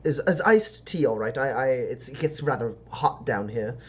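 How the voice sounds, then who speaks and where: A man voicing an excitable, fussy male tinkerer in a high, chirpy tone. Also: normal speed, a little hiss or hum, lightly acted. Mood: polite. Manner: high, bright, chirpy put-on voice.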